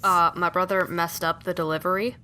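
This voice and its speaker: A woman's voice: fairly low pitch, fairly even intonation, a little fast, bright, forceful tone. A woman chatting on a podcast in a giggly, hesitant way as she starts a story. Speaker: podcast guest. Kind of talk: casual chat.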